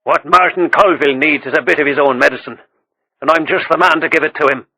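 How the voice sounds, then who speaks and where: A man voicing a blunt, quick-tempered rural husband in an audiobook. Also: on the high side, sharp tone, voice pushed up, full character voice, low-quality recording. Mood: blunt, challenging.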